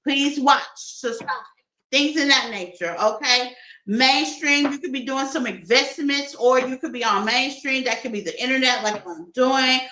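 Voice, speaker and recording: A tarot reader gives a casual reading to her viewers, playful and laughing often as if talking with friends. Her high, pushed, bright voice moves at normal speed, and the rough recording has an echoey room sound.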